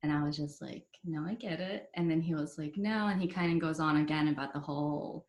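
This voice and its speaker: A woman's voice: sits low, brisk, a little mellow. A young woman telling her story as a podcast guest in a chatty way, full of "like" and "you know". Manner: chatty, many fillers like "like" and "you know", quotes others in dialogue. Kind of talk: casual storytelling interview. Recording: roomy echo.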